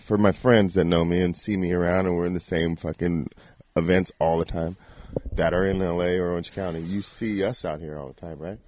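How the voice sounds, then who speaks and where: A man in his forties with a very low, deep voice chats casually as a podcast guest. He rambles and swears easily, telling stories in a laid-back way. The audio is dull and lo-fi. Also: fairly even intonation, a little fast. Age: 40s. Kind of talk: casual chat.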